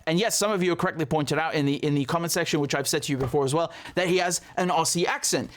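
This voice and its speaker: A man's voice: on the high side, fast talker. A man giving indignant, sarcastic commentary as he reacts to news clips. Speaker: political commentator.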